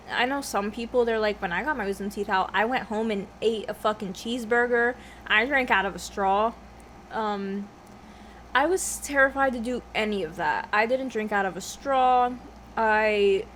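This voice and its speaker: A woman's voice: mid-range voice, slight background noise. A young woman vlogging at home, chatting casually while she eats, rambling off topic, swearing often and laughing a lot. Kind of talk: casual mukbang chat.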